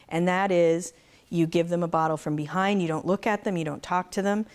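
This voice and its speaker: A woman's voice: on the low side, steady tone, fairly quick, a little mellow, smooth. A middle-aged woman who raises goats, speaking casually to a live audience and telling stories with laughs. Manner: chatty, laughing, storytelling with faith asides. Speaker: conference speaker, goat farmer.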